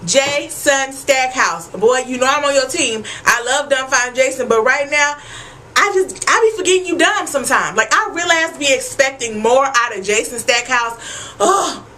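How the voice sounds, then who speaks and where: A woman with a high, bright voice recapping a TV episode for her vlog audience. She is animated and emphatic, swears freely and keeps calling out to the viewers. Her tone stays sharp and forward. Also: moderate pace, low-quality recording. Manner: animated, profane and emphatic, addressing viewers as y'all. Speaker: TV episode reviewer.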